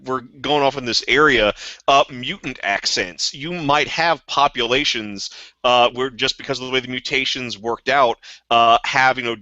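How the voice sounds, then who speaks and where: A man with a bright, forceful voice thinks aloud as a podcast co-host. The recording is dry, with no room sound, and a bit dull. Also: medium pitch, moderate pace, no room sound. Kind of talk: casual podcast discussion.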